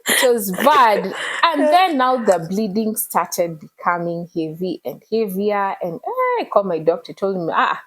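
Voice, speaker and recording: A woman, telling her personal story in an emotional, animated way as an interview guest. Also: medium pitch, a little slow, rough recording. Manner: earnest, animated retelling with code-switching.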